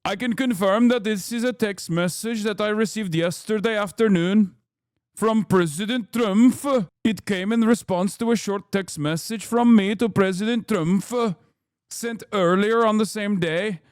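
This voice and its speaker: A man voicing a middle-aged Norwegian prime minister with a put-on Norwegian accent, reading a formal statement in a slow, sing-song way. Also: high-pitched, a little mellow, clean tone, no room sound, studio quality.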